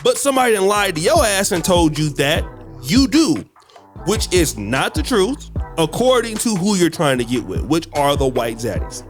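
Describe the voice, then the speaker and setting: A man's voice: sits high, sing-song, normal speed. Blunt man host lecturing over music. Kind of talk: reaction commentary.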